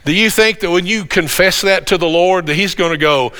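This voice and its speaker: Bright-voiced male preacher in echoing hall. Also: high voice, a little fast, smooth. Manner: earnest, animated preaching with rising emphasis. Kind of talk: sermon.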